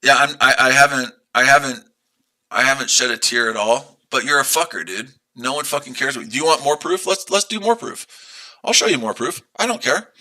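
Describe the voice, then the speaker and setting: A man's voice: medium pitch, lively intonation, brisk, sharp tone. A man streaming live as a day trader, ranting at his chat in a combative, profane way and repeating his rhetorical questions.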